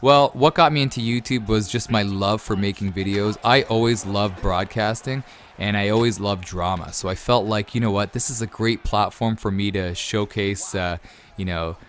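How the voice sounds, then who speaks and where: A low-voiced man in his thirties talks loosely and rambles as he answers viewer questions between game moments. His delivery is casual and easygoing, with plenty of fillers, like a YouTuber talking to his regular audience. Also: normal speed, fairly bright tone. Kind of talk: casual Q&A over gameplay.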